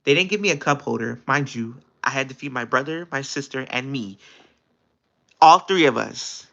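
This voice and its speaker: A young man livestreaming, telling a story in casual chat, animated and exasperated, with his pitch jumping up often. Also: gravelly. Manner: animated, exasperated retelling with quick pitch jumps. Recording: dull lo-fi stream audio.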